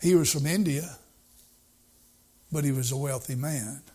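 A man's voice: mid-range voice, a little slow, a little mellow, husky. A male preacher giving a sermon in a folksy, storytelling way, repeating his points for emphasis.

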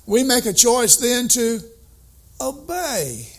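An older man preaching a sermon, emphatic, swinging between soft asides and excited outbursts. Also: very high voice, takes it slowly, gravelly.

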